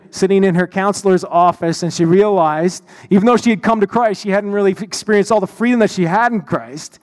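A male pastor delivers a sermon in a notably high voice. He tells his story with plenty of restarts and repeated words. The sound carries a long hall reverb. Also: clear, resonant tone.

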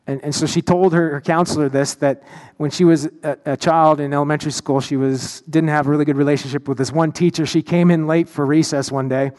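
A man's voice: a little high, fairly even intonation, a little fast, a little mellow. A man preaching a sermon as pastor, telling a story with frequent restarts and repeated words. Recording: long hall reverb.

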